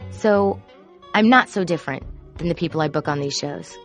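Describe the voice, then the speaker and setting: A woman who produces court shows tells candid, confessional stories about her job and grows animated when she quotes herself. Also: low-pitched, moderate pace, faint music behind. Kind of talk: personal storytelling.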